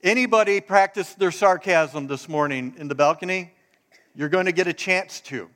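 A pastor with a high, slightly bright voice delivers a casual, joking sermon at normal speed. He addresses the congregation directly and draws them into participating.

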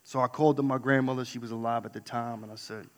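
A man from New York telling a candid personal story on stage, swinging between loud outbursts and hushed asides. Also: medium pitch, steady tone, quick pace. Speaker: speaker. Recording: long hall reverb.

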